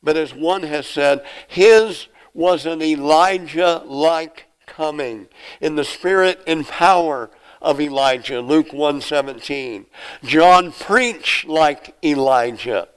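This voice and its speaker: A man's voice: a little high, slow pace, clean tone, poor audio. A man preaching an expository sermon, reading scripture aloud and explaining it verse by verse. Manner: acts out the questioners' lines in a raised voice.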